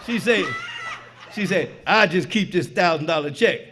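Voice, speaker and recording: A middle-aged man speaks at a recovery meeting in a high voice. He tells his story with street slang and plenty of swearing, booming on the punchlines and dropping low and quiet in the reflective stretches. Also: moderate pace, a faint crowd, slight background noise. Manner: animated storyteller, swings between loud punchlines and quiet reflection. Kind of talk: personal recovery share. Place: meeting hall before an audience.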